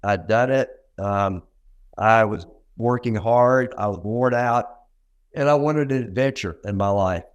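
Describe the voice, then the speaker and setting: A man's voice: on the low side, unhurried, clean tone, lo-fi sound. An older man from Arkansas with a Southern accent, telling stories in a folksy, self-deprecating way as a dentist guest in an interview. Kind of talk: conversational interview storytelling.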